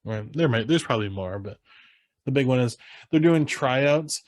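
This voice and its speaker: A man's voice: medium pitch, lively intonation, normal speed, no echo. A young adult man co-hosting a podcast, easygoing and agreeable, chiming in often. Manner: easygoing, agreeing, short backchannels. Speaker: podcast co-host. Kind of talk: casual chat.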